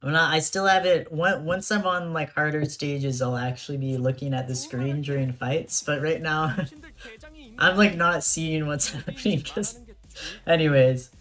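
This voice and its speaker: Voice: medium pitch, fairly even intonation, unhurried, fairly bright tone. A young adult streamer chatting casually while playing and reading dialogue aloud, often laughing and stammering on restarts.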